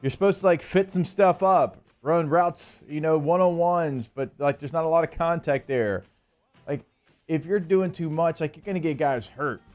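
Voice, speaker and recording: A man's voice: on the high side, normal speed, darkish tone, faint music behind. Laid-back man co-hosting sports radio. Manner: casual, laid-back, leans on "like". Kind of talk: morning sports radio chat. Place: radio studio.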